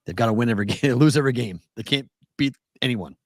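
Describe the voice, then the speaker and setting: A man co-hosting a casual sports betting show, excitable and quick to laugh as he tells stories. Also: mid-range voice, dry recording, clean studio sound. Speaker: co-host.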